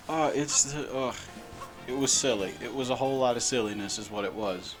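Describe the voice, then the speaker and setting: Casual male gameplay commentator, mid pitch, rambly and giggly, loud game music underneath. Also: slow, pauses often. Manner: rambling, laughing, repeats words. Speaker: gaming channel host.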